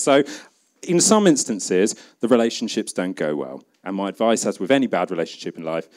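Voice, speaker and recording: A man's voice: medium pitch, big pitch swings, a little fast, darkish tone. A man with a British accent giving a humorous conference talk, chatty and jokey, acting out bits of imagined dialogue. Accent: British English. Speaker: conference speaker. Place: conference event.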